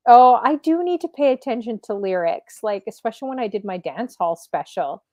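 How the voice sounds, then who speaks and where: A woman's voice: a little high, animated, brisk, dark tone, dry recording. A woman in her forties hosting a casual livestream talk show, chatting easily, reading out viewer comments and laughing often. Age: 40s.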